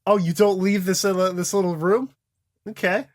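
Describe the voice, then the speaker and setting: A man co-hosting a comedy podcast who laughs along and throws in deadpan asides. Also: sits high, moderate pace. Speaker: podcast co-host. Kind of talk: casual chat.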